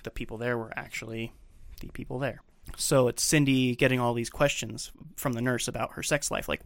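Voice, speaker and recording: A man co-hosting a podcast, recapping film scenes in detail in casual talk and often dropping to a quieter voice. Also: mid-range voice, steady tone, fairly quick, vocal fry, dry recording. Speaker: podcast co-host.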